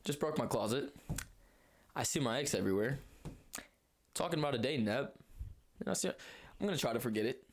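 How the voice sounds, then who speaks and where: A young man telling a storytime vlog in a rambling, animated way, swearing freely. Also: medium pitch, fairly quick, long pauses, a little hiss or hum. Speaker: vlogger.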